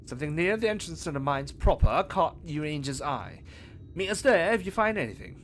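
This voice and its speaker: A man's voice: on the high side, big pitch swings, a bit bright, faint music behind. A man putting on a proper British party member. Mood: formal. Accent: put-on British. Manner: measured, formal reading of game dialogue.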